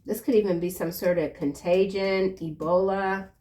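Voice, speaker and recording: A woman giving a casual tarot reading in a chatty, slangy way, breaking into excited exclamations. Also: medium pitch, moderate pace. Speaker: tarot reader.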